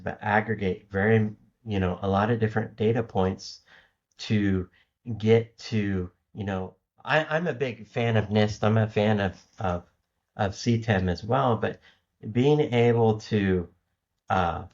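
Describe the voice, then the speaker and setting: Low-voiced man, dull lo-fi sound. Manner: rambling, many restarts and "you know" fillers. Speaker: guest cybersecurity architect. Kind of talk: casual interview talk. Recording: lo-fi remote audio.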